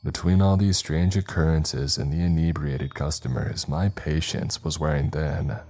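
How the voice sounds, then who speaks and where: A man steadily narrating a first-person horror story in a measured, scripted style. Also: a bass voice, fairly even intonation, darkish tone.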